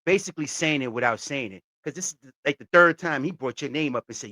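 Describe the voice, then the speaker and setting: Animated reaction host with lively pitch. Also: male voice, quick pace, dry recording, clean studio sound. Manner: animated, laughing, repeats lines and hypes them up. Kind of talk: casual reaction commentary.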